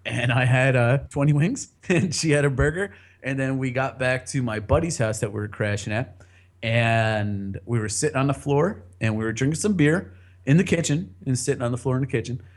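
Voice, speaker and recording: A man's voice: medium pitch, normal speed. A man casually telling a long personal story on a podcast, rambling, laughing often and swearing freely.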